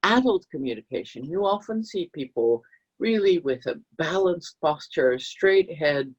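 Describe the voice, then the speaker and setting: A woman coach explains ideas to camera in a husky voice and slips into short acted example voices as she goes. Her delivery is lively and expressive. The sound is muffled and low-fidelity. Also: measured pace. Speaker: business coach and trainer.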